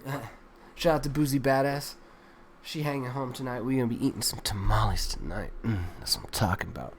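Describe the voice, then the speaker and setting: A man's voice: mid-range voice, fairly quick, vocal fry, slight background noise. A man hosting a livestream, reacting to news clips with crude, exasperated, rambling commentary full of swearing. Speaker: livestream host.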